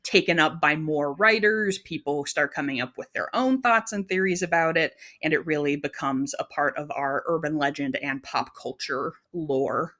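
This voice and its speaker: A woman's voice: low voice, normal speed, hardly any pauses, a bit bright. A woman co-hosting a podcast, talking through her research in a loose, chatty way with many "um"s and "like"s and frequent laughter. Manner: chatty, lots of "um" and "like", laughs often; tells the research. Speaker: podcast co-host. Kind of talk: casual chat.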